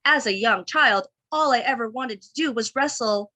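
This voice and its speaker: A woman in her thirties, appearing as a podcast guest, talks casually and candidly in a slightly high, bright, pushed voice at a moderate pace. She rambles with lots of fillers and restarts, acting out her own past thoughts.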